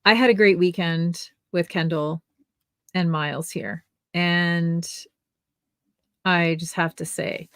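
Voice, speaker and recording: A woman's voice: fairly low pitch, slow, long pauses, fairly bright tone, no echo, clean studio sound. An older woman co-hosting a casual knitting livestream, telling a family story in a chatty way with restarts.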